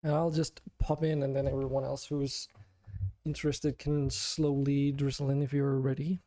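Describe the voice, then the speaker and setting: A man's voice: mid-range voice, level tone, normal speed, mellow, dry recording, studio quality. A man streaming a game, chatting casually with viewers in a chatty, self-deprecating way and laughing often. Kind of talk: casual live-stream chat.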